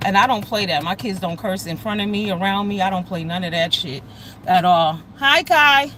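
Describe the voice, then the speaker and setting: A middle-aged woman hosts a casual livestream, greeting viewers by name as they arrive and telling heated stories bluntly, with heavy profanity. Her mid-range voice is expressive and fairly bright at a moderate pace. The low-quality recording carries a little hiss or hum.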